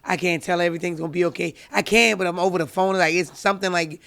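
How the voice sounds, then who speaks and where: Gravelly middle-aged mother telling stories. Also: fairly low pitch, steady tone, very fast, a bit bright. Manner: dramatic storyteller, acts out quotes. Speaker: guest, mother. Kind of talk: casual chat.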